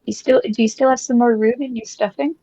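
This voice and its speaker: An upbeat rabbitfolk paladin, as a British woman plays her in a tabletop game, eager and always hungry. Her voice is husky, higher than most, and comes through a muffled lo-fi mic. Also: steady tone, fairly quick, mellow, no echo.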